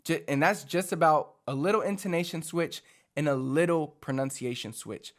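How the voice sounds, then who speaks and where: A man from Puerto Rico talks through speaking tips like a chatty coach, voice sitting a touch high. He keeps it loose and animated, leaning on fillers as he explains. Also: moderate pace. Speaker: language coach. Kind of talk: casual teaching monologue.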